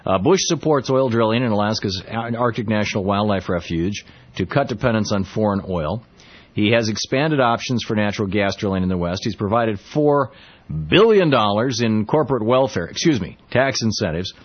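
A man hosting a political talk radio show, speaking in a halting, sarcastic monologue full of restarts. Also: on the low side, muffled recording.

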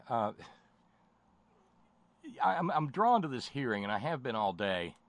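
A man's voice: mid-range voice, very animated, a little slow, a bit bright, no echo. A male talk radio host with a sardonic, stammering way of talking who restarts his sentences often. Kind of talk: political call-in radio talk.

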